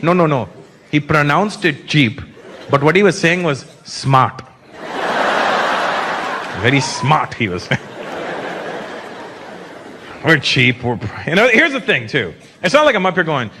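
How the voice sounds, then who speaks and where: A man in his fifties from Canada doing a stand-up comedy set in a large theater, animated and slipping into mocking put-on voices. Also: sits high, a little slow, pauses often. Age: 50s. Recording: live show with crowd noise. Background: laughing audience.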